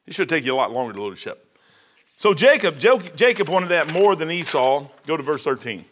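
A man's voice: fairly high pitch, big pitch swings, fairly quick, fairly bright tone. A middle-aged man teaching an informal Bible lesson in a folksy, rambling way, often repeating phrases for emphasis.

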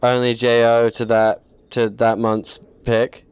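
A man's voice: mid-range voice, monotone, slow pace, a little mellow, smooth, no echo. A man co-hosting a casual podcast, musing in a laid-back way. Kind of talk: crude casual chat.

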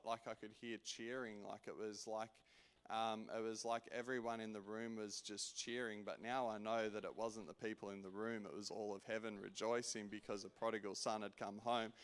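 A man preaching a personal testimony in an earnest way, restarting often and swinging from loud to hushed. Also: medium pitch, smooth. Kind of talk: sermon testimony.

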